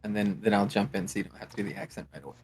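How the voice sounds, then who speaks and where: A man's voice: on the low side, rapid-fire, a little mellow, slightly rough. A man player at a tabletop game, chatty and playful, describing characters with many fillers. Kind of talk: casual chat at a tabletop game.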